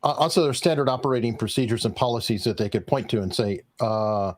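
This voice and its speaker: A man's voice: mid-range voice, quick pace. A man hosting a casual legal livestream, chatting with panelists and reading out viewer messages. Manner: lively, reads out viewer messages. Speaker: livestream host.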